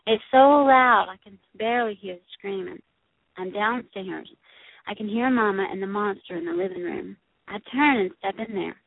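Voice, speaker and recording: A woman's voice: medium pitch, normal speed, no room sound. A woman narrates a story in the first person as a small girl, keeping her telling simple and childlike. The sound is thin and phone-like, with a dry, close feel and no room around the voice. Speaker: audiobook narrator. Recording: tinny, phone-like dry recording.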